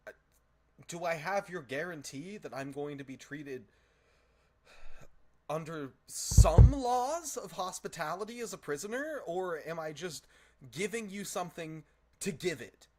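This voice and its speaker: A man voicing a captured female fae creature who shrieks in a high falsetto during a tabletop game. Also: lively intonation, measured pace, warm tone. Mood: wary bargaining. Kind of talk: tabletop role-play voice acting.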